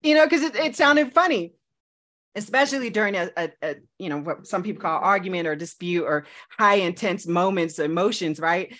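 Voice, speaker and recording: A woman co-hosting a podcast in casual chat, telling stories in an animated, laughing way. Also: medium pitch, moderate pace. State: engaged to be married. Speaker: podcast co-host.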